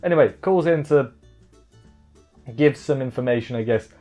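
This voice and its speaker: A man recapping an anime episode in casual chat, joking and rambling with quick asides. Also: mid-range voice, mellow, faint music behind. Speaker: anime reviewer.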